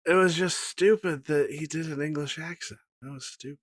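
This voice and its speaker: A man co-hosting a podcast in casual chat, halting and teasing. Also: a little high, no echo, studio quality. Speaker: podcast co-host.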